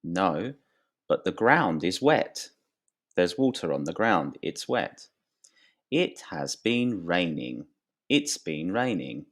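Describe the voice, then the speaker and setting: A man teaching an English grammar lesson, speaking slowly and clearly and lifting his voice on questions. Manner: slow, clear and lively, rising pitch on questions.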